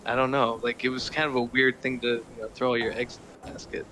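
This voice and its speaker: A man's voice: mid-range voice, level tone, fast talker, bright, forceful tone, slight background noise, low-quality recording. A young man chatting casually with a friend, laid-back and stammering a little. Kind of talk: casual chat.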